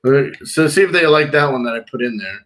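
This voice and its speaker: A man's voice: mid-range voice, animated, fast talker, fairly bright tone. A man working as a pool designer, talking casually and reassuringly with clients about a backyard plan.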